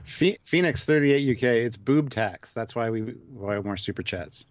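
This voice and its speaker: A man co-hosting a live stream in a relaxed, casual way, reading out viewer donations and messages. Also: medium pitch, moderate pace, no echo, dull audio.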